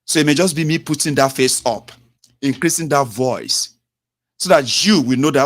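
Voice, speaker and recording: A man's voice: medium pitch, normal speed. Man hosting a call-in show. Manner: expansive, repeats himself, tags lines with "eh?" and "you know". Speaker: radio call-in host. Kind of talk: radio call-in talk. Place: home radio studio.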